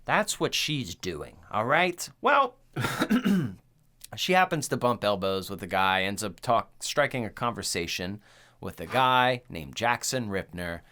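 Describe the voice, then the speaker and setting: Animated man hosting a podcast. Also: on the low side, takes it slowly. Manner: animated, profane, rambling storyteller. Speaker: podcast host. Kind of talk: casual movie recap chat.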